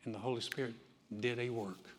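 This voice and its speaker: A man's voice: medium pitch, steady tone, brisk, a little hiss or hum. Man preaching in a reverberant church. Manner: conversational storytelling with many restarts. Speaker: pastor. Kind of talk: sermon. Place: church sanctuary. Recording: long reverb of a church hall.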